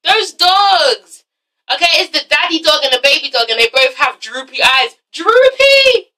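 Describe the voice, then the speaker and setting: A woman hosting a blunt, animated casual vlog review, swearing freely. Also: high voice, moderate pace, distant mic, rough recording. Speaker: vlog host reviewing a reality TV show.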